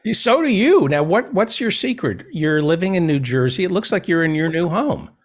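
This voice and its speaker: A man's voice: sits high, big pitch swings, normal speed. A man hosting a podcast, introducing his guest and chatting casually with small stumbles. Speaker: podcast host. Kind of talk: casual interview chat.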